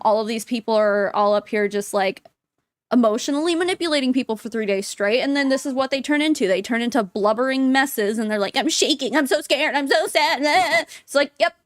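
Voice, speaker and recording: High-voiced sarcastic young woman. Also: dry recording, clean studio sound. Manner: blunt, sarcastic, laughs often. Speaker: commentary host. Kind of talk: reaction commentary.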